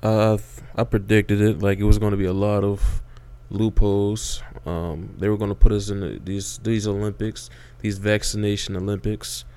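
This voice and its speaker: A man's voice: fairly low pitch, level tone, normal speed, dark tone, smooth. A man in casual podcast chat, agreeing and using loose slang.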